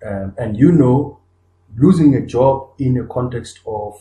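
Warm and mid-range, a man's voice comes through at a measured pace with slight background noise and an echoey room sound. He's a podcast co-host in conversational discussion, earnest in tone, stacking up his points with frequent restarts and emphatic rises.

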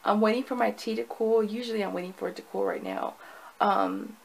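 A woman's voice: medium pitch, steady tone, brisk, gravelly, slightly rough, poor audio. A woman recording a casual video diary at home, chatty and rambling, with many fillers and restarts. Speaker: vlogger.

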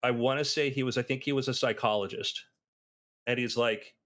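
A man in casual podcast chat, telling anecdotes and acting out the people he quotes. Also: a little fast. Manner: animated storyteller, acts out quotes with big pitch jumps.

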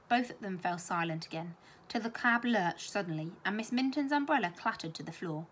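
A woman teacher reading a children's novel aloud with expressive storytelling. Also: mid-range voice, brisk, a little hiss or hum.

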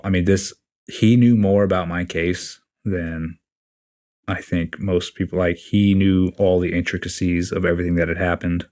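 A man in his forties, a podcast guest, telling his story bluntly and casually, swearing freely and acting out what others said. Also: low-pitched. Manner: blunt, profane, animated retelling with quoted dialogue. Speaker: podcast guest, retiring Navy SEAL chief.

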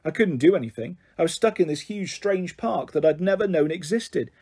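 Husky man reading a story aloud. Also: a little high, normal speed. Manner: expressive read-aloud narration. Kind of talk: reading a children's novel aloud.

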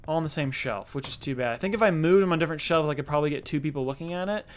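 A man's voice: fairly high pitch, rapid-fire. A man giving casual let's-play commentary, chatty and self-mocking, talking to the game's characters. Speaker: gaming YouTuber.

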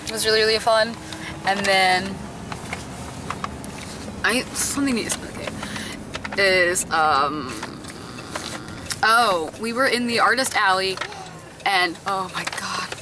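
A young woman chats and rambles through a casual vlog recap from inside a car. Her pitch sits in the middle, and clear road noise hums behind her. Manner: chatty, laughing asides, quick rambling. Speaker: vlogger. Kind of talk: casual chat. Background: traffic noise.

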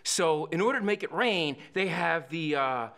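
A man, a guest on a podcast, telling a story in a lively way, swearing freely and acting out the people in it. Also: on the high side, normal speed, gravelly. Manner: profane, acts out the people in his stories. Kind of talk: animated storytelling.

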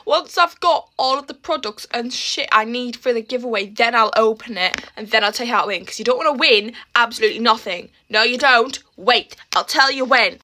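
A teenage girl vlogs while getting ready for school, dramatic and exasperated and laughing often. Her voice runs on the high side with a sharp tone, and there's slight background noise.

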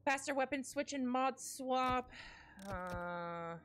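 A woman streaming a video game, reading upgrade text under her breath and ranting loudly with swearing when things go wrong. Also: animated, slow pace, a little hiss or hum. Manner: mutters upgrade text aloud in a low voice. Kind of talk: casual gameplay commentary.

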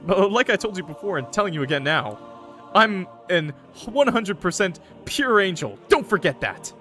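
A man's voice: high-pitched, big pitch swings, moderate pace, sharp tone, soft background music, voice pushed up, full character voice. A man voicing a smug, cocky male guardian angel, reading game dialogue in a playful, sly drawl. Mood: teasing.

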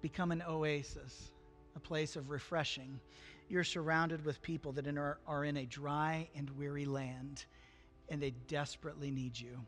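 A man's voice: fairly high pitch, little pitch movement, normal speed, a bit bright, faint music behind. A man preaching a sermon, talking to the congregation in an earnest, conversational way and lifting his voice for emphasis. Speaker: pastor.

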